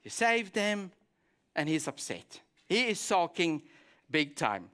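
A man's voice: fairly high pitch, slow, clear, resonant tone. A man preaching a sermon as a pastor, telling a Bible story and acting out the prayers in it. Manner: animated storytelling, acts out quoted prayers.

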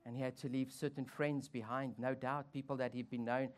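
A pastor delivers a sermon with wry humor and playful asides. The voice rises loud and high to drive points home, then sinks low and quiet for reflection. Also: little pitch movement, a little fast.

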